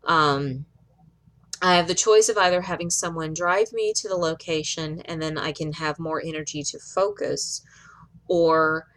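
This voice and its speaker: Low-voiced woman giving a halting update. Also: fairly even intonation, fairly bright tone. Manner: halting, hesitant, many fillers and restarts. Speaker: vlogger. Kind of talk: personal video update. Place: in or near Fresno.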